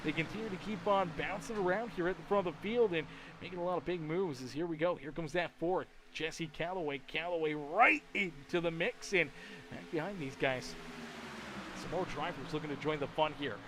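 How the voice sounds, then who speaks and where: A tired man calling a live sim race play-by-play, his voice sitting high and jumping to loud bursts on close calls. Race-car engines roar through a noisy stream mix behind him. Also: brisk. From Canada. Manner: excitable play-by-play with sudden loud bursts and rambling asides. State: tired and yawning. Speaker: sim racing commentator.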